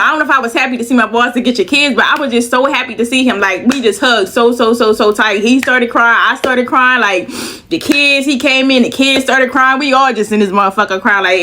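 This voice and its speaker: A woman's voice: a little high, sharp tone. A woman telling a long personal story in casual, profane speech, out of breath, repeating lines for emphasis. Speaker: storyteller vlogger.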